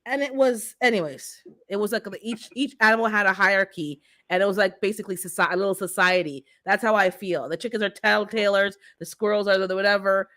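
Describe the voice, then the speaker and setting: A woman in easy, casual conversation on a gardening stream. She tells her stories with energy and acts out the animals' noises as she goes, at a middle pitch. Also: quick pace, few pauses, fairly bright tone. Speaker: co-host of a gardening live stream. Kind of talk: casual chat.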